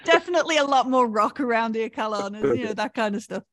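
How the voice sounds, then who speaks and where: A woman's voice: on the high side, lively intonation, quick pace, no room sound. Woman game master, hesitant delivery, dry close sound. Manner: hesitant, many fillers and restarts. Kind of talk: narrating a tabletop game.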